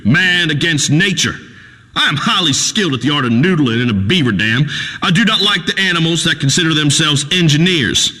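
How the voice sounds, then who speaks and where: An actor playing a crude, boastful redneck talk radio host in a video game, ranting in a folksy drawl. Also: male voice, a little high, long reverb tail, exaggerated voice. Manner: loud folksy swaggering rant, Southern drawl.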